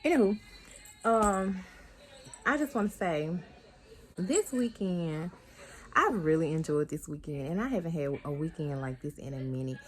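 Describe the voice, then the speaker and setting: A woman's voice: low-pitched, lively intonation, normal speed, pauses often. A young woman vlogger chatting casually to her viewers, with slangy asides. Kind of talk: casual vlog chat to camera.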